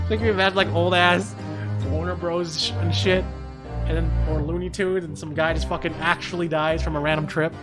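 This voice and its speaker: A young male streamer on a desk mic at home, talking casually over the game he plays. He jokes, swears freely and laughs, his voice a bit on the high side. Game music plays clearly underneath. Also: fairly even intonation, normal speed. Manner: profane, joking, laughs often. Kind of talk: casual gameplay commentary.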